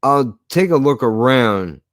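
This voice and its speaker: A man's voice: mid-range voice, animated, takes it slowly, no echo. A man streaming live, ranting casually in a rambling, profane way with frequent restarts.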